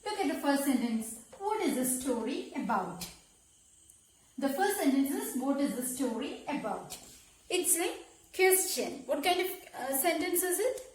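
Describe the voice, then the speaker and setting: A woman teacher explaining a grammar lesson slowly, repeating key words and checking with "okay?". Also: high voice, very animated, echoey room, a little hiss or hum. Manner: slow, repetitive explaining with frequent "okay?" checks. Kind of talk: classroom lesson.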